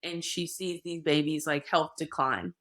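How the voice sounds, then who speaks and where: A young woman with a fairly low voice tells her story in a frank, conversational way. She retells events with animation and slips into other people's words as she goes. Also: fairly even intonation, a little slow, fairly bright tone. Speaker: podcast guest sharing her birth story.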